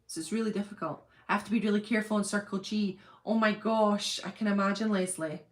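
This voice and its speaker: A woman's voice: medium pitch, fairly even intonation, quick pace. A middle-aged woman hosting a casual livestream, chatting and laughing as she greets viewers by name. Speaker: channel host. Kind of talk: casual livestream chat reading viewer comments.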